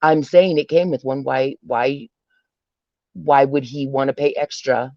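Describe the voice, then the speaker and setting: A man's voice: medium pitch, measured pace, vocal fry, darkish tone, no room sound, dull audio. A man calling into a stream, chatting casually, rambling and hunting for words. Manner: rambling, hesitant, searching for words. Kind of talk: casual chat.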